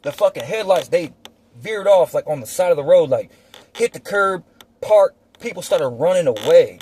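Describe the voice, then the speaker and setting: A young man telling a personal story casually, animated and slangy with plenty of swearing, acting out gunshots with mouth sounds. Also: sits high, moderate pace, a little hiss or hum. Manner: profane, slangy; winds down quiet and reflective at the end.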